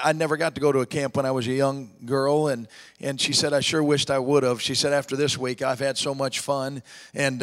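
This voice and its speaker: Gravelly folksy male preacher. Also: medium pitch, in a large hall. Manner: folksy, emphatic, drops to a hush for heavy moments. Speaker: evangelist preacher. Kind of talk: storytelling sermon.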